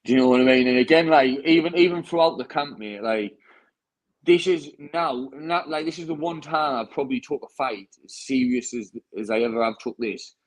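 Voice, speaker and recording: Speaking briskly in a mid-range voice, a young bare-knuckle fighter with a British English accent chats after his fight. He rambles, restarts often and says "mate" in every sentence, all captured on a rough recording.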